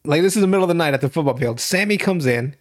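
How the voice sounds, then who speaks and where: A man's voice: on the high side, animated, very fast. A young man hosting a podcast, recapping a TV show in casual, profane, rambling chat and laughing often. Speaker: podcast host.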